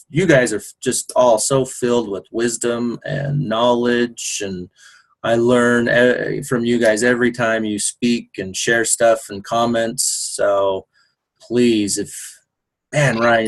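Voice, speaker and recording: Man, mid pitch, upbeat group coach on a video call, loose and encouraging. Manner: enthusiastic, encouraging, loose and rambling. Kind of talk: casual motivational group call.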